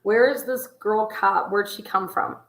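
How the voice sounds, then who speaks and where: Woman host, flat even delivery, analytical commentary, echoey room. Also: mid-range voice, measured pace. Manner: analytical, pointing out details. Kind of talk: case commentary over footage.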